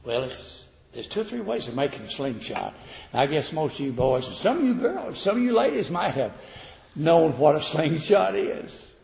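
An older preacher delivers a folksy sermon, his gravelly voice swinging up and down as he acts out the voices he quotes. His slightly high voice echoes through a roomy hall with a long reverb tail, and the recording sounds dull and lo-fi. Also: very animated, normal speed, a little mellow.

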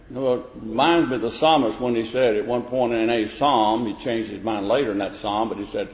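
A man's voice: medium pitch, brisk, hardly any pauses. A man preaching a sermon, rising to emphatic questions and often restarting his phrases. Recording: echoey hall, dull lo-fi sound.

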